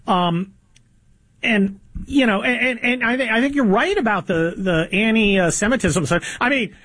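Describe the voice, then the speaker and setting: Husky high-voiced sarcastic male host. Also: a bit bright, no echo. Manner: sarcastic, opinionated, halting with many fillers. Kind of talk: political talk show conversation.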